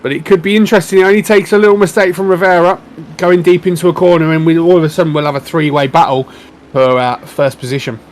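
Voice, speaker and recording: A man as co-commentator on a sim race, giving relaxed, conversational analysis. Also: a little high, quick pace.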